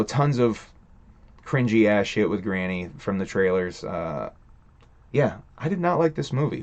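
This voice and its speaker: A man's voice: on the low side, muffled recording. A man hosting a livestream, ranting in a casual, rambling way, swearing a lot and laughing between thoughts. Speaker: stream host.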